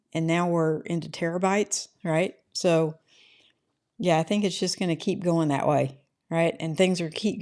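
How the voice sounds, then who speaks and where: Chatty middle-aged woman, lowish voice. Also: a little mellow. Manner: rambling and chatty, often adds "right?". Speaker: livestream host reading chat. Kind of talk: casual livestream chat. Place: her home.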